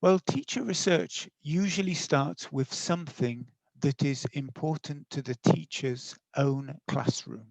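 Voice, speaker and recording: Gravelly-voiced man giving a webinar talk. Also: on the high side, measured pace, hardly any pauses, a little mellow, no room sound, poor audio. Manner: friendly, explanatory, with fillers and self-corrections. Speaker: teacher educator giving a webinar. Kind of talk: webinar presentation.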